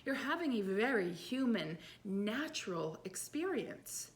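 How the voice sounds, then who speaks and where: A woman's voice: mid-range voice, big pitch swings, a little slow. A woman in her thirties hosting a motivational podcast, talking in a casual, earnest and upbeat way, often acting out her own self-talk. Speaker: podcast host, life coach.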